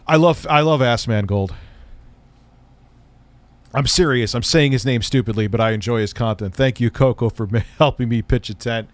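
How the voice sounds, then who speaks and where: A man's voice: on the low side, no echo. A man hosting a livestream, chatting casually and rambling through crude, profane jokes. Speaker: streamer host. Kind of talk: casual livestream reaction chat.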